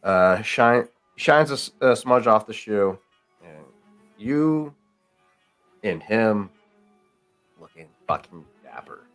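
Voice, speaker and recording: Guy gm rambling casually, lowish voice, calls people mate, faint music underneath. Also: animated, takes it slowly, pauses often, fairly bright tone. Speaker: game master. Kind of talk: narrating a tabletop game.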